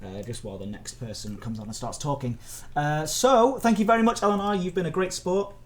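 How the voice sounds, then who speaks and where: A man hosting a casual livestream as community manager, bubbly and rambling with quick bursts of speech. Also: fairly high pitch, slight background noise.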